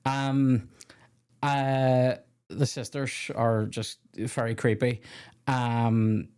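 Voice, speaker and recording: A man's voice: medium pitch, flat delivery, very slow, a little mellow, clear, resonant tone. A young man hosting a casual film review chat, rambling, swearing and cutting himself off as he talks. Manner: rambling, swearing, self-interrupting. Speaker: podcast host.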